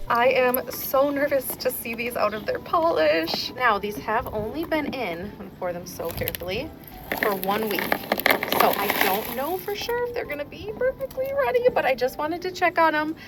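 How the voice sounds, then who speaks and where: A young woman hosting a casual hobby vlog, excitable and quick to gasp and laugh. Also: high voice, noisy background. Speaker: rock tumbling channel host.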